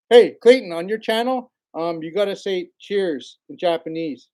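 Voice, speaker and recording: Greeting viewers by name and laughing a lot, this livestream host rambles easily through a relaxed stream. His high-sitting voice is warm and lively in intonation. He speaks a little slowly.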